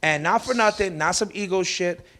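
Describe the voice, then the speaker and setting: Rambling comedian man, slightly high voice. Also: normal speed, pushed and bright. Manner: rambling and loose, swears freely. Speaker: stand-up comedian. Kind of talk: casual podcast chat.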